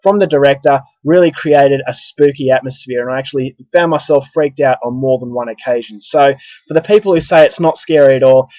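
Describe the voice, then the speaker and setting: A man's voice: mid-range voice, a little fast, no echo. Australian man, casual spoken review, chatty with restarts, dry muffled recording. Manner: conversational, frequent ums and restarts. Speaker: film reviewer.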